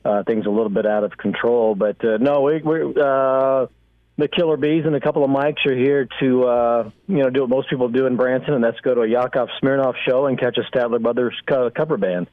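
A man's voice: medium pitch, fairly even intonation, brisk, dry recording. Wry man on a phone line. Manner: wry, rambling, many fillers. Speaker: guest analyst. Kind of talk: sports talk radio call-in.

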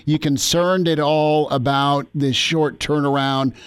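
Upbeat sports radio host. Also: male voice, a little high, flat delivery, smooth, no room sound. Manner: upbeat, casual, quick ad reads.

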